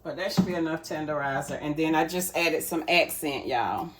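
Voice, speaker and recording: A woman's voice: low voice, normal speed, slight background noise. A woman, chatting casually to viewers while she cooks in her home kitchen and calls them y'all. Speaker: cooking vlogger. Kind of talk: casual cooking chat.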